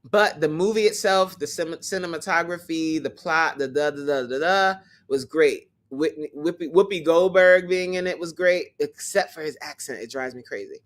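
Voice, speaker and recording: A woman hosting a casual livestream chat, animated and teasing, who laughs often and talks straight to her viewers. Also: low-pitched, moderate pace, hardly any pauses. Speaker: host.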